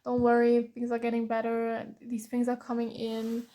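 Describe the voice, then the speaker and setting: A woman's voice: on the high side, monotone, moderate pace, warm tone. A woman from Germany giving a tarot reading, tired and openly frustrated, with sighs and frequent restarts. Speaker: tarot reader.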